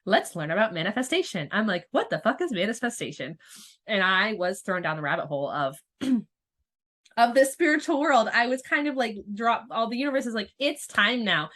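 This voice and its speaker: A woman's voice: fairly high pitch, animated, moderate pace, a bit bright. Candid, swearing woman telling her story. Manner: candid, profane, rambling with frequent restarts. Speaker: podcast host and spiritual coach. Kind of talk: casual storytelling monologue.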